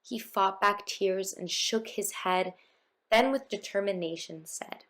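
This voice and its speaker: A woman's voice: medium pitch, unhurried, fairly bright tone. A woman narrating a rhyming children's storybook in a lilting, rhythmic reading.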